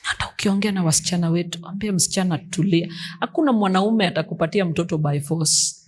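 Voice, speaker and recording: A woman's voice: fairly low pitch, quick pace, a little mellow, breathy edge. Woman pastor preaching emphatically. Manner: emphatic preaching, mixing English and Swahili. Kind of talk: sermon.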